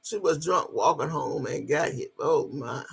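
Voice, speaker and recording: A woman telling a personal story in a casual, animated way, swearing freely as she goes. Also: deep voice, measured pace, creaky, husky.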